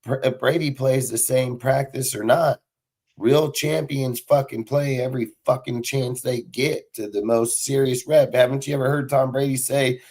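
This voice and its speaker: A man's voice: medium pitch, steady tone, normal speed, a little mellow. A man hosting a casual sports talk show, ranting heatedly and swearing constantly. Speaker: podcast host.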